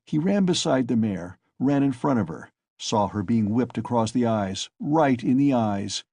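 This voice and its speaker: A man narrating an audiobook in a steady storytelling manner on a close mic. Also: medium pitch, unhurried, husky, no room sound. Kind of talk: scripted narration.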